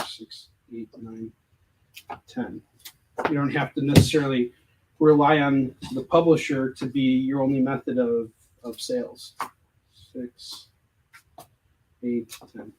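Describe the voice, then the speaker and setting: A man's voice: mid-range voice, measured pace, pauses often, noisy background. A man from the United States who creates comics, chatting casually and joking on a livestream Q&A while he counts stock aloud.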